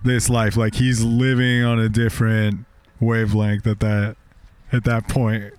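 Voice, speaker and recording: A man in casual chat, adding slow, laid-back remarks. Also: on the low side, level tone, darkish tone, clean tone, faint music behind.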